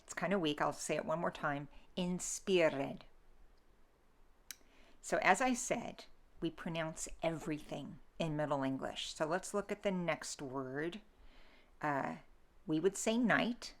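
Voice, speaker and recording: A woman's voice: low-pitched, a bit bright. A woman lecturing students on Middle English pronunciation, patiently demonstrating sounds and checking in with a frequent okay. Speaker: literature instructor.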